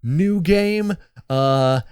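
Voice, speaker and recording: A man's voice: on the high side, extremely slow, a little mellow, smooth, no room sound, clean studio sound. A man hosting a comedy let's-play, chatting casually and laughing while he plays. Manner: laughing, self-deprecating, lots of fillers. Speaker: host playing the game.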